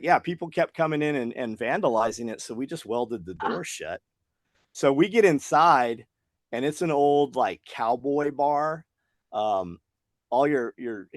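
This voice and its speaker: A man's voice: mid-range voice, no echo, studio quality. A man who is a guest on a podcast, telling a story at length and acting out the lines of the people in it. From Tennessee, US. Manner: animated storyteller acting out quoted dialogue. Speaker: podcast guest, business owner. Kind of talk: casual storytelling interview.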